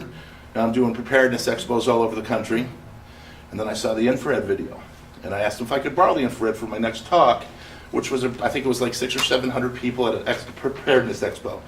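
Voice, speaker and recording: A man speaks to a gathered crowd, his story impassioned and full of restarts. His voice sits at an ordinary middle pitch. He is caught from a distance in an echoey hall, with faint background noise. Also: fairly bright tone. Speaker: survivor speaking at a memorial gathering. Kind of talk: personal testimony speech.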